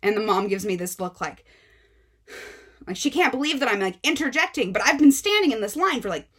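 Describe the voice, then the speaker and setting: A young woman book vlogger retelling a story in a casual, animated, exasperated way with many fillers. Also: fairly high pitch, a little fast, husky.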